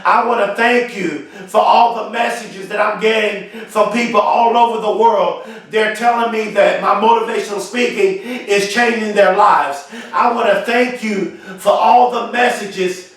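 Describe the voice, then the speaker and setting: A man's voice: high voice, steady tone, unhurried, few pauses, fairly bright tone, very echoey, far from the mic. A man giving a motivational speech to camera, emphatic and repetitive, with a preacher-like rhythm. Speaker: motivational speaker.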